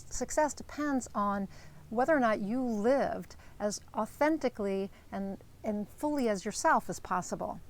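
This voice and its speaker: A woman coach speaks earnestly to her viewers in a motivational video. She encourages them with many "um"s and restarts, and her pitch sits in a middle register. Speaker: life coach.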